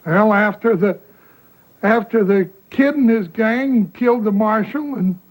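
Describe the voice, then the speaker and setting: A shifty ex-judge newsman in an old western, high voice, hems and haws. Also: measured pace, poor audio. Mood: defensive. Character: shifty ex-judge newspaper man, defensive. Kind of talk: 1970 western film acting.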